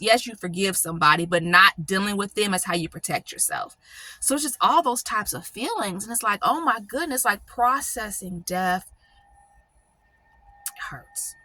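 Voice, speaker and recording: A woman's voice: medium pitch, sharp tone, no echo. A middle-aged woman talking emotionally in a personal vlog, close to tears, rambling and often asking "right?" and "you know". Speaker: channel host.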